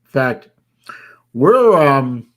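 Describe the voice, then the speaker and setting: A man's voice: mid-range voice, sing-song, very slow, a bit bright. An older man from Florida hosting a casual livestream, rambling with many fillers and sounding tired. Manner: tired, yawning. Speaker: livestream host. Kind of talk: casual live-stream chat.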